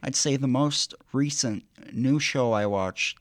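A man's voice: medium pitch, dry recording, studio quality. A man co-hosting a radio show, chatting casually and hesitantly with restarts. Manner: hesitant, many restarts and pauses. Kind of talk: casual chat. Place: radio studio.

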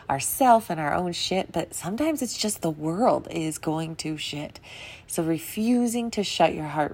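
A woman's voice: low-pitched, creaky, darkish tone. A young adult woman hosting a podcast, talking in an earnest, emotional, rambling way about wellness. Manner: earnest, emotional, wandering sentences with laughs. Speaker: podcast host. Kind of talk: casual spiritual monologue.

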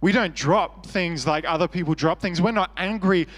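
A man's voice: sits high, moderate pace, fairly bright tone, in a large hall. An Australian man preaching a sermon as pastor, earnest and conversational with self-deprecating humor.

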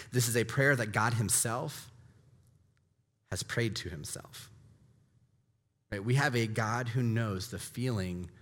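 A male pastor delivers a sermon in a voice of ordinary middle pitch. He swings from loud, pressing emphasis to hushed, slowed lines. His voice carries a long reverb from a large hall.

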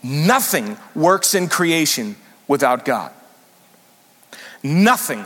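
A man preaching a sermon as senior pastor, animated and emphatic, sometimes rising suddenly loud. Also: mid-range voice, a little slow, big-room sound.

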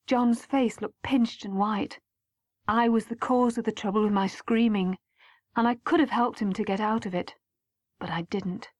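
A woman reading a first-person story aloud as an audiobook, measured and at times hushed. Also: mid-range voice, fairly even intonation, no room sound, studio quality. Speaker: audiobook narrator.

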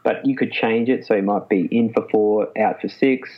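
A man, a psychologist being interviewed, explaining in a lively way and laughing often. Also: fairly low pitch, normal speed. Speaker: clinical psychologist guest. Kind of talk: casual interview talk. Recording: muffled lo-fi sound.

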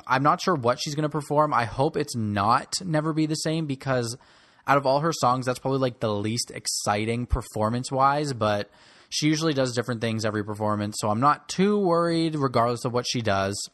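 A man's voice: mid-range voice, brisk, a bit bright, dry recording. Snarky young man ranting about pop music. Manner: snarky and blunt, rants about artists. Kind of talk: opinionated solo commentary.

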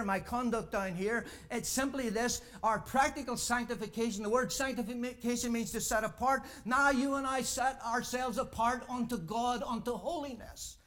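An older man preaching a sermon, out of breath from pacing, calling out "Amen?" to the congregation and swinging between loud emphatic lines and soft low asides. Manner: preaching with frequent call-and-response "Amen?". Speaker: pastor. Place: church.

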